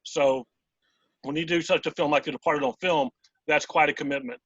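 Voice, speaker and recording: A man's voice: a little high, steady tone, moderate pace, a bit bright, no room sound. A man hosting an interview, asking long, rambling questions full of fillers. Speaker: interview host. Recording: dull lo-fi dry audio.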